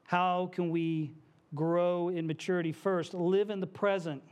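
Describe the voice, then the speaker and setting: Guy with a pretty high voice preaching in church, chatty asides, little jokes. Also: level tone, a little slow, darkish tone, clean tone. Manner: conversational preaching with asides and self-deprecating jokes. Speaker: pastor. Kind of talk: sermon. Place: church sanctuary.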